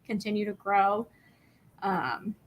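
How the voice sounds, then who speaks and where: A woman's voice: medium pitch, fairly even intonation, slow pace, slight background noise. A young woman chatting casually and bubbly on a craft livestream, rambling with many fillers.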